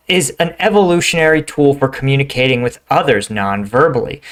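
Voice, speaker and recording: A middle-aged man hosting a reaction video, talking casually and acting out quoted lines. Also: on the high side. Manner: conversational, says "right?" and "like" often, acts out quoted lines.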